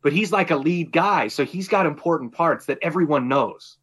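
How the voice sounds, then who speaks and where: A man's voice: on the high side, normal speed, fairly bright tone, slightly rough. A man co-hosting a podcast in casual chat, telling a story animatedly with frequent swearing and laughter. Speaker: podcast co-host.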